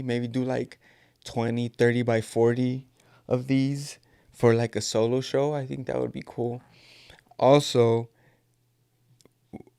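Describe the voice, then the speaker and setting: A man's voice: medium pitch, gravelly, darkish tone, smooth, no room sound, studio quality. A man in his thirties with a California Mexican-American Spanglish accent, hosting a podcast in rambling, joking casual chat. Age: 30s. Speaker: podcast host. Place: at home. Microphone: camera.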